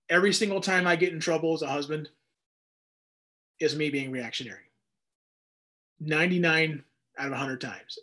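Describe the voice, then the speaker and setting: A man in his thirties with a high-pitched voice leads a Bible teaching. His sermon is casual and conversational, full of restarts and self-deprecating asides. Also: a bit bright. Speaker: pastor.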